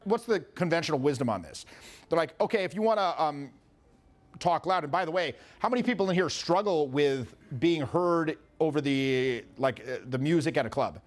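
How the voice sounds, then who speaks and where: A man's voice: a little high, expressive, normal speed. A man coaching a live seminar audience, talking casually and animatedly and swearing often. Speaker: social skills coach.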